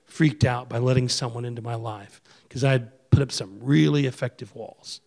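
A man's voice: medium pitch, normal speed, vocal fry, a little mellow. A middle-aged man preaching a sermon in a conversational way, acting out the voices of people he quotes. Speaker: pastor.

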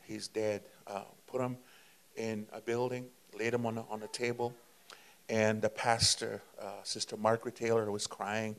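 A man's voice: on the low side, little pitch movement, gravelly. Guy preacher telling his story all fired up, lots of uh and repeats. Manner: fervent, repetitive, halting with fillers. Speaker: preacher, guest. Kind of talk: testimony storytelling.

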